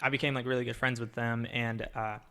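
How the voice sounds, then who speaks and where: A man's voice: mid-range voice, little pitch movement, brisk, fairly bright tone, clean tone. A man hosting a podcast in casual chat, rambling with many fillers and restarts. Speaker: podcast host.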